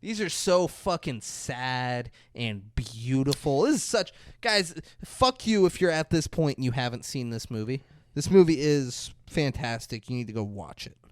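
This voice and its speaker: A man's voice: mid-range voice, measured pace, no room sound. Profane man recapping a film scene. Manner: profane, animated scene retelling. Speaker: podcast co-host. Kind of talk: casual movie review chat.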